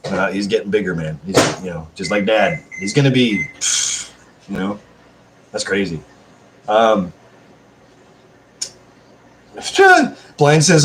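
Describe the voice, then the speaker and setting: A man's voice: fairly low pitch, a little slow, pauses often, a bit bright, a little hiss or hum. A man hosting a live stream at home, chatting casually with viewers, rambling and swearing constantly while answering chat messages. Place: at home, seated.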